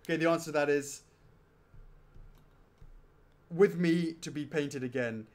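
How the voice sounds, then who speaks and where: A man's voice: a little high, measured pace, darkish tone. A man hosting a casual question and answer chat, rambling and joking as he reads out questions. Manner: rambling, jokey, laughs often. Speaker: host.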